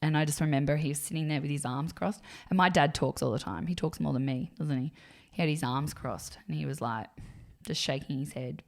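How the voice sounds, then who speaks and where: A woman with a notably low voice tells a school story on a casual podcast. She is an animated storyteller who keeps acting out what people said. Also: fairly quick, creaky. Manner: animated storyteller, acts out quotes. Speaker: podcast co-host. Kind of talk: casual chat.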